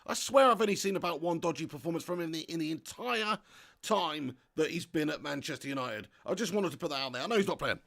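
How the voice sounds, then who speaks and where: A young man hosts a live football watch-along, reading viewer comments aloud and chatting excitedly, laughing a lot and swearing casually. His voice is fairly high and gravelly, and he talks quickly.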